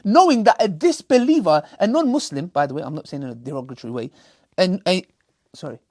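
Husky, fired-up man ranting. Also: a little high, a little mellow, dry recording, studio quality. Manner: emphatic, scolding, mocking, with sarcastic put-on quotes. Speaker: reaction commentator. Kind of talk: heated reaction commentary.

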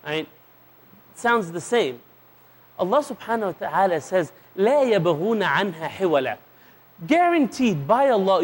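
Man with a high-pitched voice giving a humorous sermon, acting out lively little scenes and using Arabic phrases. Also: brisk. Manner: playful storytelling, acting out little dialogues; sprinkles Arabic religious phrases into English. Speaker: preacher. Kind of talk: humorous sermon to a live audience.

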